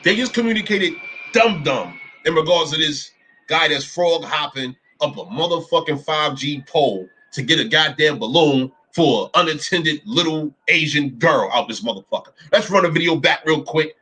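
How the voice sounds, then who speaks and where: A man giving profane, animated commentary as he reacts to videos, full of rhetorical questions and repetition. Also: on the high side, normal speed, slightly rough.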